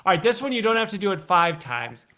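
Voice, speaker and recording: A man's voice: high-pitched, sing-song, fast, pushed and bright. Upbeat man hosting a live show. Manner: upbeat, laughs often, playful teasing. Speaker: host. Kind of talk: casual live show chat.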